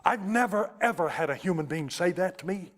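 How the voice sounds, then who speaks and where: A man preaching a storytelling sermon, giving an emotional testimony that slows to a hush at its tender points. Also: high voice, lively intonation. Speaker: Baptist preacher.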